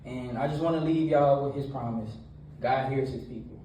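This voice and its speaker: A man in his thirties preaching a casual, animated storytelling sermon that is full of laughs, with a nervous edge. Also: mid-range voice, moderate pace, slight background noise. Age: 30s. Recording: echoey room from a distance.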